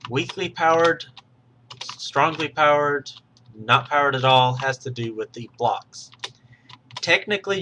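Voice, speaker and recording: A man's voice: mid-range voice, sharp tone, a little hiss or hum. A man patiently explaining game mechanics step by step while recording his screen, sometimes correcting himself mid-sentence. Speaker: tutorial host.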